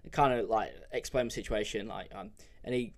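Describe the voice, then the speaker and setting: A man's voice: on the low side, a little fast, creaky. Rambling, sweary young man. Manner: rambling and candid, with frequent fillers and swearing. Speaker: podcast host. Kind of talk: casual solo storytelling.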